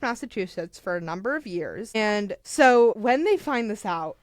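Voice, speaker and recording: A young woman on a podcast, retelling a true crime story in a casual, animated way, full of "like" and acted-out quotes. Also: mid-range voice, dry recording. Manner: animated, acts out quotes, filler "like".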